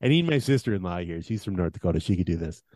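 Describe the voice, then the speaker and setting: A man's voice: low voice, expressive, rapid-fire, darkish tone, dry recording. A man co-hosting a casual comedy podcast, reading a countdown with mock solemnity and laughing at his own bits. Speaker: podcast co-host.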